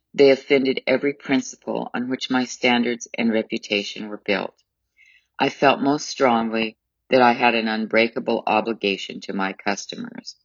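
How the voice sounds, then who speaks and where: Male narrator, formal and measured memoir reading, dry, dull recording. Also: medium pitch, a bit bright, no echo.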